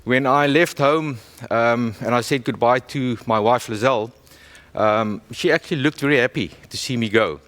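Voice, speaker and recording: A man, a company executive, giving a welcome speech at an awards event in a self-deprecating, halting way. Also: mid-range voice, a bit bright.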